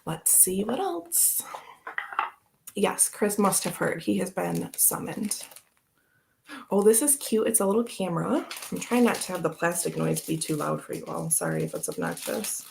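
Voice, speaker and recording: A woman's voice: fairly low pitch, expressive, moderate pace, gravelly, a little mellow, a little hiss or hum. A woman hosting a casual tarot live stream, chatting in a rambling way and laughing often. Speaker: tarot channel host.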